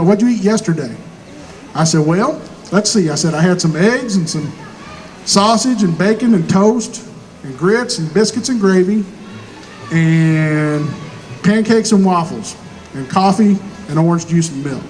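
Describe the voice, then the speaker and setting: A man with a Southern rural American accent telling stand-up jokes in a folksy hillbilly drawl, acting out both sides of each exchange and landing punchlines deadpan. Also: high voice, moderate pace, soft background music, rough recording. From Missouri. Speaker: stand-up comedian. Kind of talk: stand-up comedy storytelling.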